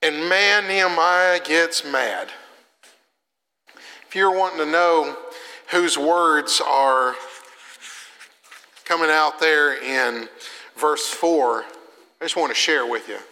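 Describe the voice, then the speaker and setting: Casual young male preacher, high bright voice, echoing hall. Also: takes it slowly, pauses often. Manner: conversational preaching, swings from loud to soft. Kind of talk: sermon. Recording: long reverb of a hall.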